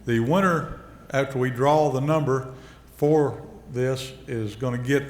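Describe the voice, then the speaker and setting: A man's voice: mid-range voice, unhurried. A man emceeing a ceremony, speaking to a seated audience in a plain, folksy, heartfelt way. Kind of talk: addressing a banquet audience. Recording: reverberant hall over a PA.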